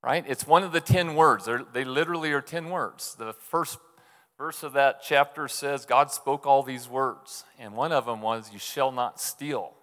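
A man's voice: mid-range voice, moderate pace, a bit bright. A man preaching a conversational sermon, telling stories and often checking in with the congregation with "right?". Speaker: pastor. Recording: long reverb of a large hall.

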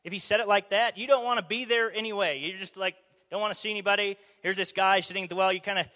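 A man preaching a conversational sermon, animated, asking the audience rhetorical questions, in a church or meeting hall. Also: high voice, fast talker. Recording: long hall reverb.

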